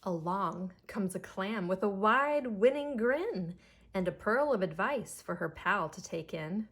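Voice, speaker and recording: A woman preschool teacher reading a picture book aloud to young children in an expressive, child-directed way. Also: medium pitch, a little slow.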